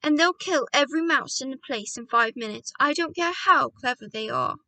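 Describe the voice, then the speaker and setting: An eager, excitable young boy who has been turned into a mouse, piping high and bright, as a woman reads him in a storybook. His lines bounce with lively ups and downs in pitch. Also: moderate pace, recorded from a distance, heavily acted, poor audio. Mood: urgent.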